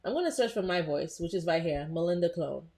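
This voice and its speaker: A woman with a lowish voice hosting a live tutorial. She chats directly to her viewers as "you guys", narrating each click with plenty of "um" and "like". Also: big pitch swings, fast, a little mellow. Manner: chatty, addresses viewers as "you guys", frequent "um" and "like". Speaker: host.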